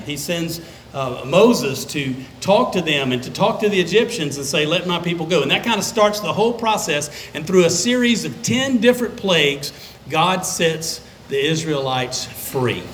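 A man preaching a sermon as a pastor, conversational and emphatic, with dramatic pauses. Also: on the high side, animated, fairly bright tone, a little hiss or hum, rough recording. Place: church sanctuary.

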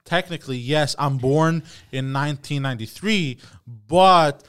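A man's voice: a little high, measured pace, fairly bright tone, clean tone. A man in his thirties co-hosting a podcast, cracking blunt jokes in casual chat. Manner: joking, blunt interjections. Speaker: podcast co-host.

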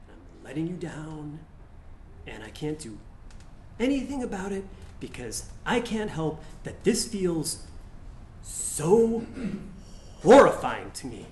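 A man playing an anxious young husband about to become a father, stammering and halting with nervous laughs, in a live staged play reading. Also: fairly high pitch, exaggerated voice. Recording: echoey live room, faint hiss.

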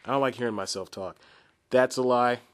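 A man's voice: mid-range voice, a little fast. A man in his twenties hosting a solo podcast, rambling and self-deprecating with frequent laughs and asides. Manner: chatty, frequent restarts and asides. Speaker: podcast host.

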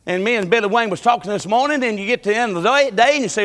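A man preaching a sermon in a church, swinging from loud shouts to low, quiet talk. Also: racing, big-room sound. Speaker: pastor. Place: church sanctuary.

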